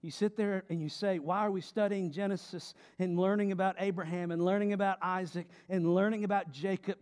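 A man pastor preaching a sermon, reading scripture and explaining it, swinging between loud emphatic passages and hushed, low delivery. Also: big-room sound.

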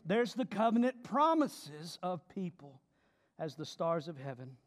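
A man with a high, light voice preaches a sermon at an unhurried pace. He reads scripture aloud and explains it. His delivery rises to forceful emphasis and sinks to hushed, low passages. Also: sing-song, long reverb tail. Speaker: pastor.

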